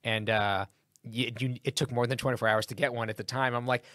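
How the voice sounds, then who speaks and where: A comedian in a podcast interview, telling a story in a lively, casual way and acting out what people said. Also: male voice, medium pitch, fairly quick, dry recording, studio quality. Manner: animated anecdote with acted-out quotes. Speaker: comedian guest.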